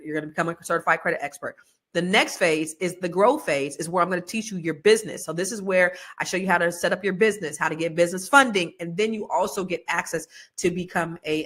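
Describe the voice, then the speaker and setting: A woman's voice: lowish voice, a bit bright. Rambling, slangy middle-aged woman host. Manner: rambling, chatty and self-mocking, slangy. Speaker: host selling a money course. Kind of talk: casual livestream chat and sales pitch.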